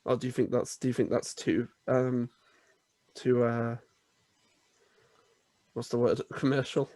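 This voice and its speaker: A man's voice: medium pitch, flat delivery, measured pace, dark tone, no echo. A young man co-hosting a podcast in casual chat, who stammers and laughs often. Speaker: podcast co-host.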